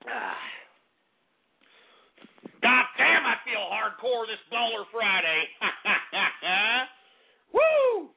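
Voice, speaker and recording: High-voiced guy ranting and cussing on call-in radio, tinny phone-ish sound, bit of music behind. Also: lively intonation, takes it slowly, vocal fry, long pauses, breathy edge. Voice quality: loud, brash, ranting, swears often. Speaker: radio show host.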